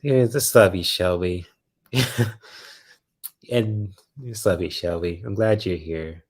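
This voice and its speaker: A man's voice: sits low, slow. A man hosting a late-night live stream, reading viewer comments aloud, laughing often and teasing playfully, a little sleepy. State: sleepy, yawning. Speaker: livestream host.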